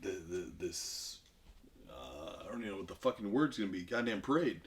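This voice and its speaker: Low-voiced man profanely recapping a movie. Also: animated, normal speed. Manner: rambling, profane, acts out lines in shouty bursts. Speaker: podcast guest retelling a film.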